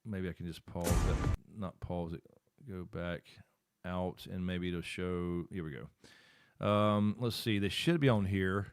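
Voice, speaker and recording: A man's voice: low voice, fairly even intonation, a little slow, clear, resonant tone, no room sound. A middle-aged man hosting a live stream. He chats casually and rambles, thinking aloud while he works his screen.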